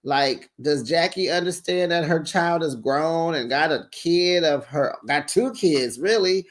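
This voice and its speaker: A host casually recapping a reality TV episode, animated and sassy, tossing in "child" and "honey". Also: medium pitch, measured pace. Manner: animated and sassy, quotes cast members; colloquial, says "child" and "honey".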